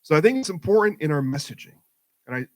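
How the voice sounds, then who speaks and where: At a mosque event, a middle-aged guest speaker gives an impassioned talk to the community, driving his points home through emphatic rhetorical repetition. His voice is a little high, sing-song, and fast.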